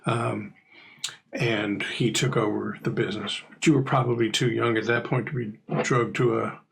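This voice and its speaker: A man narrating as game master in a relaxed, rambling way. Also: fairly low pitch, normal speed, vocal fry, a little hiss or hum, poor audio. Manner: relaxed, rambling, filler-heavy.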